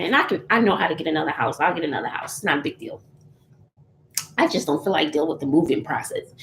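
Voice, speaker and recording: Woman in her forties, casual chat, candid, gravelly, faint background noise. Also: mid-range voice. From Texas, USA. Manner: chatty and candid, laughs often. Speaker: YouTuber answering viewers. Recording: roomy echo, faint noise.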